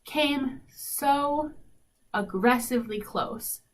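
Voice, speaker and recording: A woman's voice: sits high, extremely slow. Young female radio host, chatty storyteller, plays out her quotes, a little distant from the mic. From South Dakota. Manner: animated, lots of "like", acts out quoted dialogue. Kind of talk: casual storytelling. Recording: faint noise, slightly distant mic.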